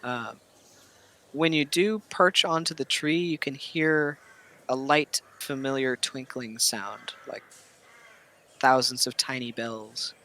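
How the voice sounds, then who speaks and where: A man narrating a tabletop game as game master, casual and halting with many fillers. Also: medium pitch, bright, forceful tone.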